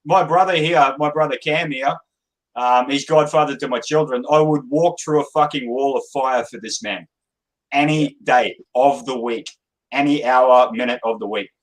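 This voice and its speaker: A man with an Australian accent talks about soldiering in a blunt, earnest way, swearing freely and calling his mates brother. His voice sits at an everyday middle pitch. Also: normal speed, poor audio. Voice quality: blunt and profane. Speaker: former infantry soldier guest. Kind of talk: casual chat.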